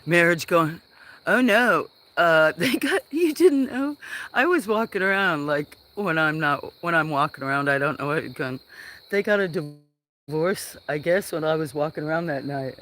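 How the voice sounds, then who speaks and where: Broadcasting a casual livestream outdoors on a farm, a man rambles and meanders with plenty of fillers. His voice is fairly high, animated and sharp, at a moderate pace, with a little hiss or hum in the audio.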